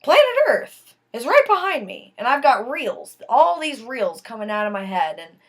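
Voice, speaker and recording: This woman's voice is on the high side and sing-song as she recounts her life story, casual and dramatic. She takes her time, choosing each word, and lowers to a hush when things get tense.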